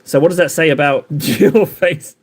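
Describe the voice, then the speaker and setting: Guy painting minis on stream, rambling jokey chat, voice a bit on the high side. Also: normal speed. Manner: joking, rambling banter with chat. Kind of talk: casual chat while painting miniatures.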